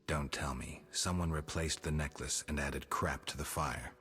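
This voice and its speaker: An actor voicing a gruff male witcher, a monster hunter who speaks in short, clipped lines of video game dialogue. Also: steady tone, normal speed, a bit bright. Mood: terse. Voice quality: very deep, clipped, terse. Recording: game audio with music beneath.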